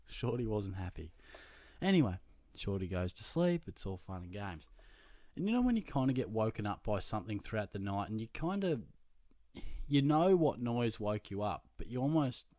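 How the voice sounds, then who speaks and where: A young Australian man with a fairly low voice tells a story in a loose, sweary, self-mocking way. The recording is close and dry, with no room sound. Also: no echo. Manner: animated, profane, self-mocking anecdote telling. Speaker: podcast host. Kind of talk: casual storytelling.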